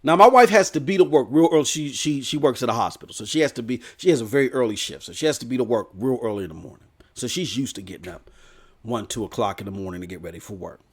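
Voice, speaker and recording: A man hosting a gaming news stream, telling a rambling story in a loud, animated way. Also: mid-range voice, fast talker, slightly rough. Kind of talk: casual storytelling rant.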